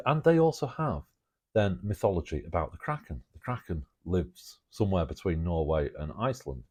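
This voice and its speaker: A man's voice: low-pitched, big pitch swings, moderate pace, a little mellow, breathy edge. A man talking through his speculative ideas in a rambling monologue, thinking aloud with jokey asides and chuckles. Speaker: alternative history presenter.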